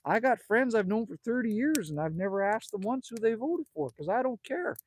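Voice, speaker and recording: Chatty man with lively pitch. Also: a little fast, slightly rough. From Manitoba, Canada. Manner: chatty, rambling, jokey, calls people man and buddy. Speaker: livestream host. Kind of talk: casual livestream chat reading viewer comments. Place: outdoors at a cabin by a fire at night.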